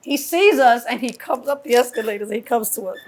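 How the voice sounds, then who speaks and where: A middle-aged woman from New York, a guest telling stories in a casual interview, acting out quotes with lively swearing. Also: fairly high pitch, fast. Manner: animated storyteller acting out quotes, heavy cursing. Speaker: guest, mother of a rapper.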